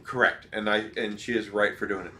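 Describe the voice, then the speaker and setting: A man's voice: fairly low pitch, flat delivery, fairly quick, bright, forceful tone. A man streaming a video game, giving rambling, opinionated advice with lots of fillers. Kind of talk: casual gameplay commentary.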